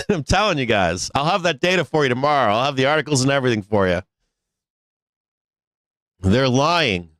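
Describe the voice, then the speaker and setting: A man's voice: mid-range voice, fairly bright tone, dry recording. A man hosting a live stock market show, ranting bluntly with swearing, laughs and restarts. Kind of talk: casual live-stream rant.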